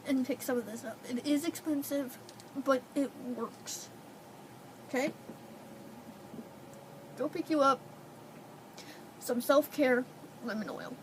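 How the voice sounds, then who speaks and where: A young woman vlogs from home, crying and sniffling as she pleads tearfully in an emotional personal video. Her voice sits high. The audio is poor, with some hiss or hum.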